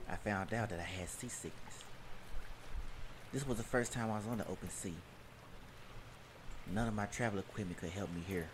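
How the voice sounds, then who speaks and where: A man reading a first-person adventure story in a measured, journal-like way, with crowd noise behind. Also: low voice. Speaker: narrator.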